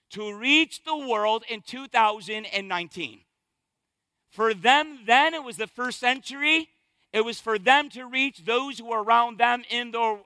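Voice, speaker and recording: A pastor preaches with energetic, emphatic repetition. His voice sits very high and bright for a man, with a forceful edge. The sound is dry and close. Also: dry recording. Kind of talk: sermon.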